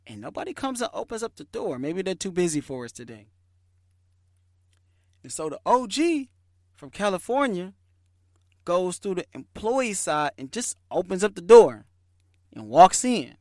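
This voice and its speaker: A man hosts a podcast and tells a story in a lively, chatty way with plenty of slang. His voice sits a little higher than most men's. The sound is dry and close, with no room echo. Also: unhurried, pauses often. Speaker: podcast host. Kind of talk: casual storytelling.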